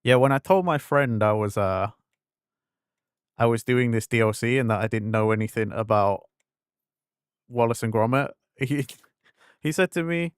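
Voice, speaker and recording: An English man with an English accent, chatting with viewers while he plays on a live stream. He rambles loosely and slips into acted-out quotes of friends as he talks. His voice sits at an ordinary pitch, and the sound is dry and close. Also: moderate pace, pauses often, smooth, no room sound. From England. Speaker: game streamer. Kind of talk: casual live-stream chat.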